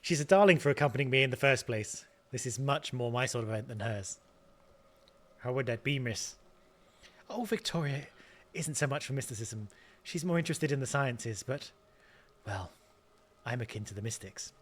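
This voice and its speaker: A man reading a young woman psychic's lines aloud in a halting mock accent that keeps slipping. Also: mid-range voice, animated, fairly bright tone. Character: young woman psychic, a friendly mystic guest. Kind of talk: reading game dialogue aloud.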